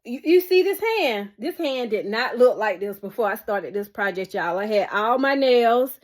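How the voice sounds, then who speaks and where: A woman's voice: on the high side, lively intonation, normal speed. A woman chatting casually to her viewers in a home DIY vlog, laughing often as she talks. She records on a camera on a selfie stick inside a small walk-in closet. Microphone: camera on a selfie stick or mini tripod.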